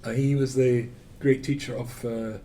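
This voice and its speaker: A man with a Scottish accent, a rabbi giving a Torah lecture to a live audience, telling stories with self-deprecating humor and swinging between loud emphasis and quiet asides. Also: medium pitch, fairly even intonation, normal speed, slight background noise. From Scotland.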